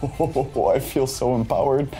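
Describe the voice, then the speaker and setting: A man's voice: medium pitch, slow pace, dark tone, faint music behind. A man bantering crudely and goofily with a friend while they play a game. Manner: crude, goofy, swearing banter. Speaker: let's-play co-host. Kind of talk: casual game chat with a friend.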